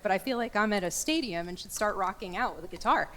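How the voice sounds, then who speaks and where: A woman giving a candid, lively lecture as a guest speaker, joking with her audience. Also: mid-range voice, fast. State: getting choked up. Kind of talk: lecture talk. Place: large church. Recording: echoey church hall.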